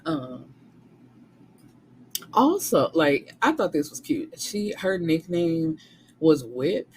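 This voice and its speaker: Animated, cussing woman recapping a book. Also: low voice, slow, slight background noise, poor audio. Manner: animated, profane, talks back at the characters. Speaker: book reviewer.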